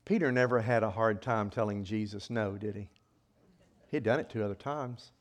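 A man preaching a sermon in an animated way, acting out voices with sudden loud outbursts. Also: fairly low pitch, normal speed.

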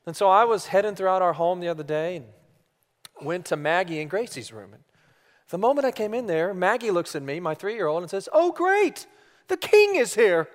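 A man's voice: sits high, a little fast. A man in his thirties preaching a sermon, earnest and imploring, dropping almost to a whisper on key words. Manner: earnest, imploring, drops to near-whispers for emphasis. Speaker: pastor. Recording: reverberant hall.

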